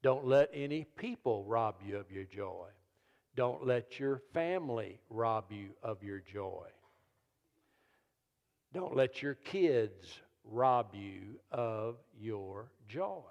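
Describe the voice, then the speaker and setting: A man, an evangelist and comedian telling funny stories in a sermon and jumping into loud high voices when he quotes people. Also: animated, slow pace, gravelly. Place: church service. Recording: long reverb of a church hall.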